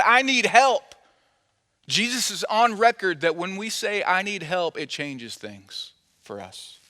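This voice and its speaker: A man's voice: high-pitched, pushed and bright. A man preaching a sermon as pastor in a conversational, playful way, acting out the quotes he tells. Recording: long hall reverb.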